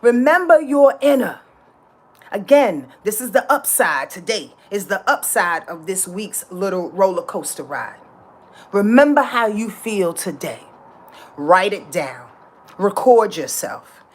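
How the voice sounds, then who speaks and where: A woman's voice: medium pitch, very animated, unhurried, breathy edge. Passionate, emphatic woman astrologer. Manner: passionate, emphatic, dramatic and repetitive; profane and slangy. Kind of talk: casual astrology talk.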